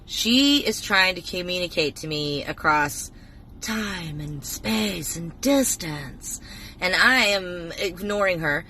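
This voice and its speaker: Woman, 40s, casual storytelling to a phone, profane, blunt, slightly low voice. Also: lively intonation, slow pace, bright, forceful tone, a little hiss or hum. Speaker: TikTok storyteller.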